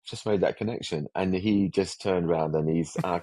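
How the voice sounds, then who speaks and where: A man's voice: sits low, normal speed, mellow, dry recording. An older man, a special effects veteran rambling through anecdotes as a podcast guest, often restarting sentences. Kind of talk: casual podcast interview.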